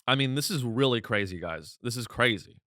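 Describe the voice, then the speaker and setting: A man's voice: medium pitch, expressive, brisk, pushed and bright, no echo, studio quality. Sardonic man riffing on the news. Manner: rambling, sardonic, restarts mid-sentence. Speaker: comedy show host. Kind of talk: comedic news-reaction monologue.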